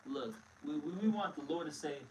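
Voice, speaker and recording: A man's voice: fairly high pitch, brisk, warm tone, slight background noise. A man teaching scripture in a blunt, emphatic way, often calling listeners "man", recorded from a distance.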